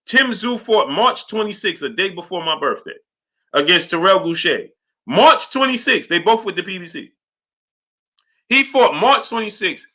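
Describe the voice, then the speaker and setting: On a live boxing talk stream, a high-voiced man speaks at a moderate pace, reading super chats and pushing his argument. He's animated and repetitive, tossing in "right?" often.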